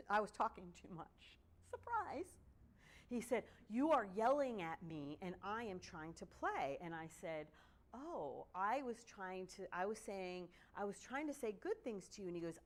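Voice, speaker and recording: A woman giving a workshop talk, telling stories in an animated way and often asking "right?". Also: lowish voice. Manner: animated storytelling with frequent "right?". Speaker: guest speaker. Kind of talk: workshop presentation.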